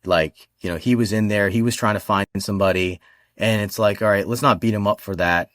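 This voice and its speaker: A man with a fairly low voice talks as a podcast guest, calm and easygoing as he recounts training stories. The sound is dry and close. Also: fairly quick, dry recording. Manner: relaxed storyteller who quotes himself. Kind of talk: casual chat.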